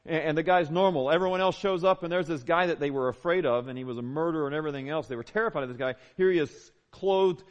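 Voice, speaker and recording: A man's voice: a little high, quick pace, few pauses, muffled recording. A man, preaching a sermon as a pastor, conversational and emphatic with repeated phrases. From Southern United States. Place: church.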